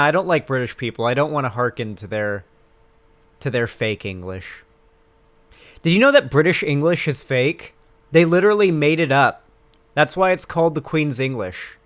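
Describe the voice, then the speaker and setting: A man's voice: fairly high pitch, a bit bright. A man streaming live, chatting casually with his chat in a rambling, crude, sarcastic way.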